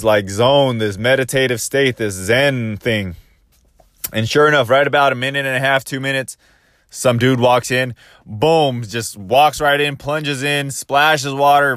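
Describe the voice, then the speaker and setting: A man's voice: mid-range voice, a bit bright, no room sound, clean studio sound. A man casually telling a first-person story, rambling and restarting as he quotes his own thoughts.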